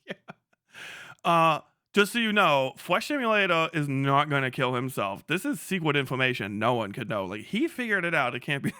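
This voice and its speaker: A young man streaming live and riffing in loose, profane commentary, mocking and laughing between rants. His voice is bright and sharp and sits a little high for a man. The sound is dry and close, with no room around it. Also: clear, resonant tone, no echo. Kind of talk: casual livestream commentary.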